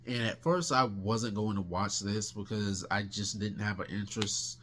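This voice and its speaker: Low-ish guy voice rambling thru his movie reviews, lots of restarts. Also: normal speed, fairly bright tone, slight background noise. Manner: rambling, many restarts and fillers. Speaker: film reviewer. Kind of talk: casual monthly movie review.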